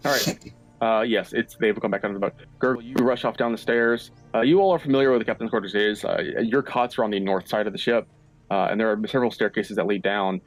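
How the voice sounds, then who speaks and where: A man serving as game master, narrating a tabletop game at a measured pace, with lots of "uh" fillers and the odd swear. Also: lowish voice, faint music behind. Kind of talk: narrating a tabletop game over an online call. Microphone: online voice-chat mic.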